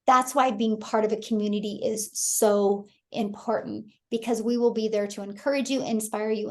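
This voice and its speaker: A woman's voice: on the high side, darkish tone. A woman in her thirties from Kansas hosting a live webinar, telling a story with enthusiasm and often addressing her audience as "you guys". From Kansas, USA. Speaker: host. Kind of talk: live webinar sales talk.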